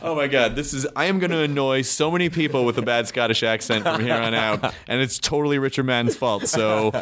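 A man with an American accent hosting a podcast interview, chatty and enthusiastic, swearing when excited. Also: mid-range voice, brisk. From United States. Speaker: podcast host.

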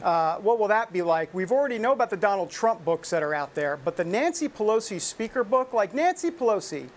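A woman's voice: medium pitch, very animated, a little fast. Chatty woman hosting a talk show. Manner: chatty, laughs while reading. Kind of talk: casual political talk show.

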